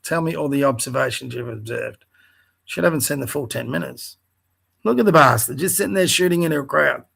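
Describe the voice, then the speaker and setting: Gravelly and a bit bright with a breathy edge, the medium-pitched voice of a middle-aged Australian man runs a little fast. He's hosting a livestream, reading posts out loud and ranting at them with blunt profanity and scornful asides.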